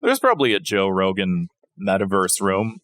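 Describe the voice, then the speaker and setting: A man's voice: low voice, sing-song, moderate pace, a bit bright. A man co-hosting a comedy podcast, making dry, offhand complaints in casual chat. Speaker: podcast co-host.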